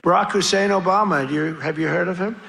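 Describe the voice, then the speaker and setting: A man with a high, bright, forceful voice and vocal fry talks fast at a political rally in a large venue. He's boastful and repetitive, wandering into rambling asides, while the live recording catches a cheering crowd and ambient noise.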